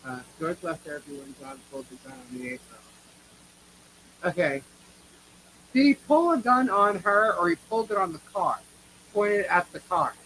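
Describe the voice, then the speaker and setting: A woman's voice: lowish voice, animated, moderate pace, long pauses, a bit bright, slight background noise, rough recording. A woman with a New York accent co-hosting a live chat, blunt and opinionated, swearing casually as she answers viewers. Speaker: livestream co-host.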